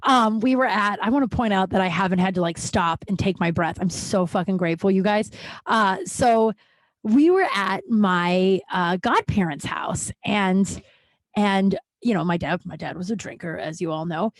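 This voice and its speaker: A woman's voice: mid-range voice, moderate pace, dry recording. A woman in her thirties from Denver telling profane, rambling comedic stories as a podcast host, laughing at herself, with a runny nose. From Denver, USA. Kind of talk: casual comedic storytelling.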